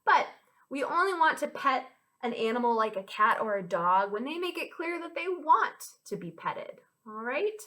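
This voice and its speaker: A young American woman, a children's librarian, leading a storytime for small children in an animated, sing-song and encouraging way. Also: high-pitched, normal speed.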